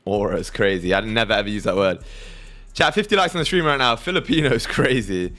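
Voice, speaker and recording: A man's voice: lowish voice, animated, brisk, fairly bright tone. Crude, casual male livestream host. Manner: loose, crude, reads chat aloud.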